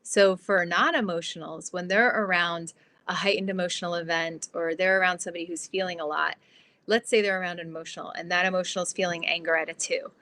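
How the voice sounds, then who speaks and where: Lowish-voiced woman explaining eagerly. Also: fast. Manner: animated, explanatory, fillers like "like". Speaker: guest, transformation guide. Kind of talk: casual interview explaining.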